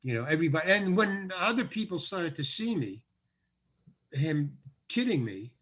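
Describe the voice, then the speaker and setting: Animated older man telling a story. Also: on the high side, normal speed, husky. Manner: animated, acts out other people's lines. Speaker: guest actor. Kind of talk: storytelling anecdote in an interview.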